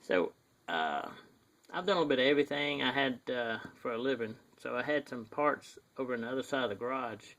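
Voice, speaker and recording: A man's voice: mid-range voice, animated, brisk, fairly bright tone. A man with a thick Southern US accent chatting casually to a handheld camera outdoors, rambling and apologetic with lots of fillers. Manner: self-deprecating, rambling with many fillers. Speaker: model builder showing his work. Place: outdoors near his garage, in sunlight. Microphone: handheld camera, shaky.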